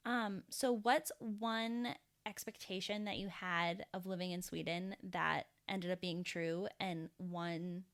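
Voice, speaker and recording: An American woman co-hosting a podcast, talking in an expressive, self-mocking way and swearing casually. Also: on the low side, slow, hardly any pauses. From United States. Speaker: podcast co-host. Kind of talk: casual chat.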